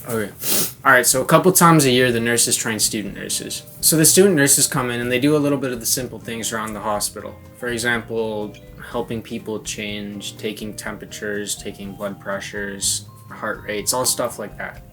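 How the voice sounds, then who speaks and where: A young man vlogging, telling an embarrassing story in a casual, animated way and laughing often, with guitar music playing behind. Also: lowish voice, moderate pace.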